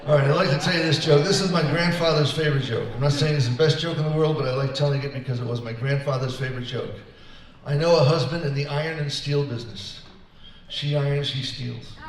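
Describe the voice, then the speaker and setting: A man's voice: mid-range voice, background noise. Easygoing man telling jokes, echoey hall. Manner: easygoing joke telling, plays the voices of his characters. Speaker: performer at a senior center concert. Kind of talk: telling jokes between songs. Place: senior center hall. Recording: echoey room, voice from far off.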